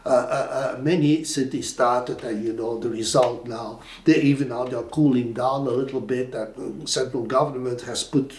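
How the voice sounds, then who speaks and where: Older Flemish-accented male storyteller, animated and rambling, in a roomy reverberant room. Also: medium pitch, normal speed, hardly any pauses. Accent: Flemish Belgian. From Belgium. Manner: animated, with frequent fillers and restarts. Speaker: interviewee. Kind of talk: anecdotal storytelling. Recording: roomy echo.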